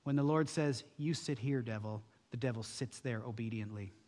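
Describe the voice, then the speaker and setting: A man's voice: medium pitch, moderate pace, darkish tone. A man preaching an emphatic sermon as a pastor, using rhetorical questions. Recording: long hall reverb.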